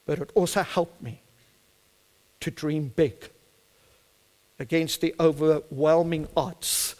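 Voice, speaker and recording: A middle-aged South African man preaches with fervour, his voice sitting a little high for a man and swelling to emphatic peaks. His first language is Afrikaans, and the accent comes through clearly. The sound rings with a long hall reverb. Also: steady tone, slow, darkish tone. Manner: fervent, building to emphatic climaxes. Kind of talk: sermon.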